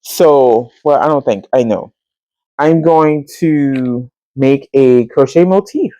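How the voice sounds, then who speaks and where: A woman, hosting a podcast and telling a story in casual chat, animated and chatty, often jumping into a high voice to quote people. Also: slow pace, no echo. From Central Texas. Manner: colloquial and chatty, addresses listeners as y'all. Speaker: podcast host.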